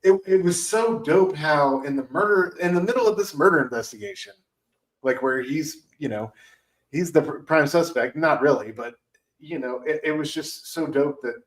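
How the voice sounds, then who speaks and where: A man's voice: fairly high pitch, animated, normal speed, poor audio. A man co-hosting a casual film podcast, rambling enthusiastically with many fillers. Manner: rambling, heavy on fillers like "like" and "you know". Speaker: podcast co-host.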